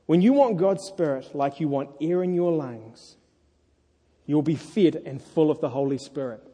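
A married man preaching a sermon to a congregation, earnest and lively when he tells stories. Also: a little high, moderate pace, husky. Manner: earnest, animated storytelling. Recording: echoey hall.

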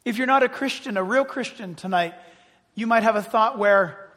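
Male preacher, high voice, dramatic swings from loud to hushed, in a big reverberant church. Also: moderate pace. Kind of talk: sermon. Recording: long reverb of a large hall.

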